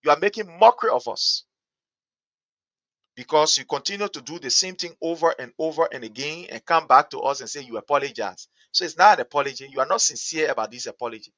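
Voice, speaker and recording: A man with a Liberian English accent delivers fired-up political commentary as a talk host, repeating his points and rising to shouts. His voice sits high and sounds bright and cutting, recorded close and dry. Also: quick pace, no echo. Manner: impassioned, repetitive, builds to shouting.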